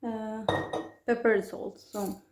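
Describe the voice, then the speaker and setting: A woman's voice: a little high, level tone, slow, a little mellow, roomy sound, a little hiss or hum. A woman, chatting her way through a home cooking tutorial with rambling asides and restarts. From Peru. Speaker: home cook vlogger. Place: home kitchen.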